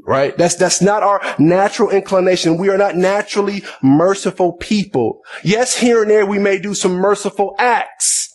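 A man's voice: high voice, moderate pace, hardly any pauses. A man preaching a sermon, reading scripture aloud and explaining it in plain, conversational asides, often repeating words as he goes. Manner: repeats words and restarts phrases.

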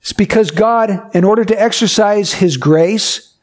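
A male preacher with a fairly high voice delivering a teaching sermon. He explains doctrine step by step, tells everyday stories to make it concrete, and slows right down on the words he wants to land. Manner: emphatic, with slow stressed key phrases.

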